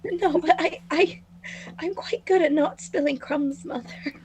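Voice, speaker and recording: A woman's voice: high voice, a little slow, a little mellow. A woman playing a nervous, stammering young actress. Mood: hesitant. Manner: hesitant and stammering, politely deferential. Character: timid grown daughter, a nervous young actress. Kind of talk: improvised tabletop role-play.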